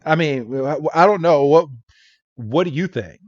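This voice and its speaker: A man's voice: a little high, moderate pace, no echo, highs cut off. A man co-hosting a podcast, chatting casually and laughing often as he recaps a cartoon episode. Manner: laughs often, animated, says "bro". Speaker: podcast co-host.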